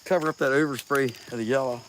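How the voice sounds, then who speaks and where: A man's voice: mid-range voice, fairly even intonation, fast, very noisy. A middle-aged man chatting casually on a livestream while he carves. He reads viewer comments aloud in a laid-back way and sounds a little sniffly from a cold. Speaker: chainsaw carver streaming live. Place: outdoor workshop.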